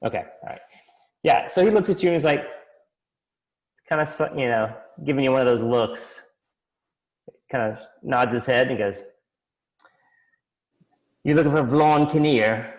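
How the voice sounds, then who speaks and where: A man in the dungeon master's seat talks through a tavern scene in an easygoing, stop-and-start manner, piling up fillers as he goes. His voice sits at an ordinary middle pitch. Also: low-quality recording. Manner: casual, halting, many fillers and restarts. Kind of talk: narrating a tabletop game.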